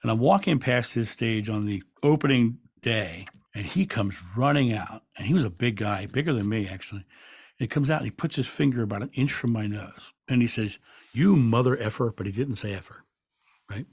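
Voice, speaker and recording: A man guest on an interview podcast, telling stories in a calm, reflective way with frequent restarts. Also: on the low side, brisk, husky, no echo, studio quality. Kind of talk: relaxed storytelling in an interview.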